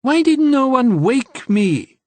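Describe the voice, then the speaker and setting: A man's voice: sing-song, slow pace, dry recording, heavily acted. A man voicing a clingy, overexcited young woman who gushes. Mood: gushing. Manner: shrill and gushing.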